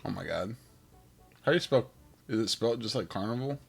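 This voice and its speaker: A man with a lowish, gravelly voice, still rough from waking up, talks his way through a game. He rambles and thinks out loud in a relaxed way. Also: a little fast, soft background music. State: rough morning voice. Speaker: game streamer. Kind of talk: casual gameplay commentary.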